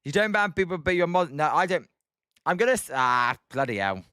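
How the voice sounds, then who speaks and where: A man's voice: fairly high pitch, lively intonation, a little fast, sharp tone, clear, resonant tone, dry recording, studio quality. A British man giving casual live-stream baseball commentary, chatting and swearing often while reading out the chat.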